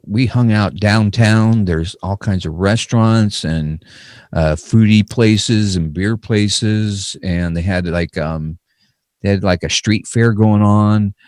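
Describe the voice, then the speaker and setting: Deep-voiced man, slight lisp. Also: slow, darkish tone, no room sound, studio quality. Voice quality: filler-heavy, rambling storytelling. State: slight lisp from fresh mouth stitches. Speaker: podcast co-host. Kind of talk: casual chat.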